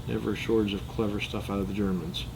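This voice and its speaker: A man's voice: on the low side, little pitch movement, quick pace, creaky, noisy background. A man chatting casually as host, thinking aloud and joking in rambling tangents while he works with his hands. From United States. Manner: thinks aloud, muttering to himself while working. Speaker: channel host. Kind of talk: casual chat while taking apart and cleaning a gun.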